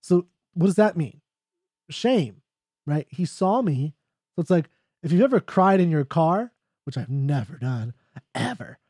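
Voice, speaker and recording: A man's voice: a little high, big pitch swings, unhurried, long pauses, warm tone, slightly rough, no room sound, studio quality. A man explaining a poem in a casual lecture, loose and jokey, checking in with "right?" as he goes. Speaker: literature teacher.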